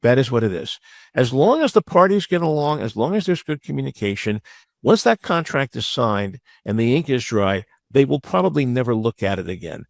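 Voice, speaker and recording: A male lawyer lecturing in a webinar, frank and conversational with plenty of asides and anecdotes. His voice sits at a middle pitch. The sound is dry and close, with no room echo. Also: sing-song, fairly quick, gravelly. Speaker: business lawyer teaching a webinar.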